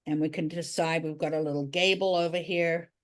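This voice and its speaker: A woman's voice: deep voice, steady tone, brisk. A woman art teacher giving a drawing tutorial, talking chattily and thinking aloud as she draws.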